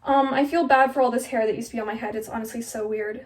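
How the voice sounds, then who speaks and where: A woman's voice: on the high side, steady tone, fast, distant mic, noisy background. A 17-year-old girl vlogging as she cuts her own hair, talking in a chatty, flustered, self-mocking way full of "like". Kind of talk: casual chat while cutting her own hair. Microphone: phone camera.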